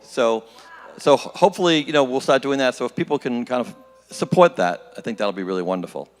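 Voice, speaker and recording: A man gives casual church announcements in a middle-pitched voice. He speaks haltingly, with frequent fillers. A long reverb fills the church hall around him. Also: animated.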